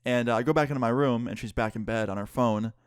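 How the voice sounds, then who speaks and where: A man's voice: mid-range voice, quick pace, clean tone, dry recording, studio quality. A young man casually retelling a personal story for his channel, candid and cursing freely. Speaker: YouTuber.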